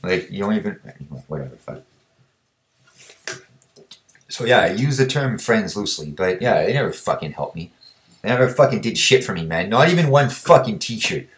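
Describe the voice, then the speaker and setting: A man's voice: lowish voice, sing-song, moderate pace, long pauses. A young man vlogging, ranting bluntly and combatively, swearing constantly. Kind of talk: profane ranting monologue.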